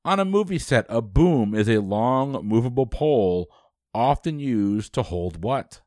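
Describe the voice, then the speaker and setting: A man hosting a trivia quiz, reading questions briskly and dropping dry quips. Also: mid-range voice, expressive, darkish tone, dry recording.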